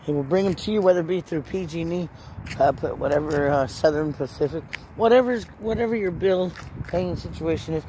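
Speaking fairly quickly in a low, warm voice, a woman who vlogs about Christianity delivers a personal testimony and preaching beside or inside a parked truck outdoors. Traffic and outdoor noise run clearly under her, and her emotional, earnest delivery swells into urgent rhetorical questions directed at the listener.

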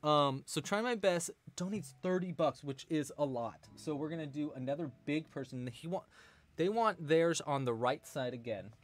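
A man's voice: fairly high pitch, normal speed. A man hosting a live crochet tutorial stream, chatting casually, thanking donors and answering the chat. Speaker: crochet livestream host.

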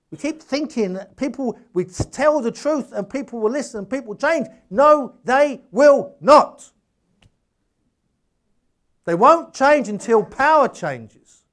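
A man giving a public lecture, telling anecdotes emphatically, in bursts with restarts and asides. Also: extremely high pitch. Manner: emphatic, animated storytelling. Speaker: guest lecturer.

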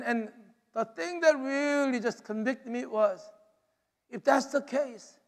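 A pastor preaches with a strikingly high-pitched voice, stressing and repeating his phrases, often filling pauses with "you know". His voice rings through a large hall with a long reverb tail. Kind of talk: sermon. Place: church sanctuary.

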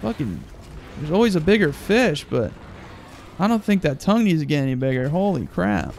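A man's voice: fairly high pitch, sing-song, moderate pace, creaky, darkish tone, slight background noise. A young man giving crude, joking gameplay commentary, swearing often and acting angry for laughs. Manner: profane, mock-angry, joking. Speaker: gaming video host.

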